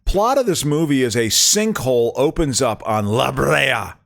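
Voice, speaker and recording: Animated rambling man podcaster. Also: medium pitch, normal speed, vocal fry, no echo, clean studio sound. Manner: rambling, self-mocking, animated. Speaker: podcast co-host. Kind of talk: casual podcast chat.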